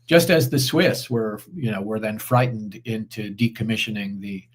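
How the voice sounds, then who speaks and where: A guest commentator on a live online interview, this man talks in a measured, deliberate way, often using fillers and starting over. His voice sits lowish and sounds husky.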